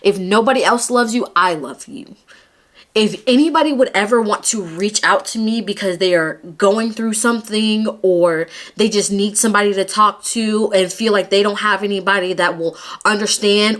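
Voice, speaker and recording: A woman's voice: mid-range voice, normal speed, fairly bright tone. A young woman vlogging her personal testimony, earnest and emotional, close to tears at times.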